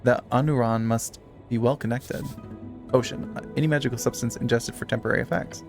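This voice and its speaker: A man's voice: mid-range voice, fairly even intonation, brisk, soft background music. A man chatting casually with his viewers while playing a game, swearing freely and reading text aloud. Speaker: streamer. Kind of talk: casual live-stream chat while gaming.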